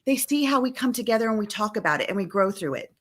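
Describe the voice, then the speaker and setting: Speaking fast with a breathy edge at medium pitch, a family coach converses on a live stream via video call. She is animated and emphatic, often performing lines of family dialogue as quotes.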